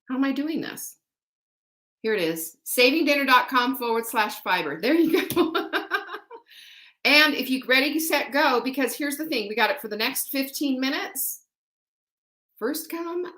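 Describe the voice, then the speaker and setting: Female sales-stream host, lively pitch, bright and sharp, folksy direct address, echoey room. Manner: animated, folksy and chatty, addresses viewers directly. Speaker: host selling products.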